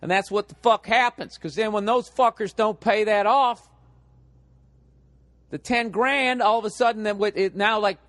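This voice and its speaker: A middle-aged Boston stand-up, slightly high-pitched for a man, rants with profane exasperation in a steady, fairly bright tone at moderate speed. The sound is intimate and dry, with no echo.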